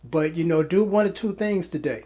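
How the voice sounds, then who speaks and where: A man's voice: on the high side, normal speed, dark tone. A tired man running his own channel, talking straight to his buyers in a rambling way, repeating and restarting his words. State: tired from little sleep. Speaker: online seller and channel host. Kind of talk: casual direct-to-camera vlog.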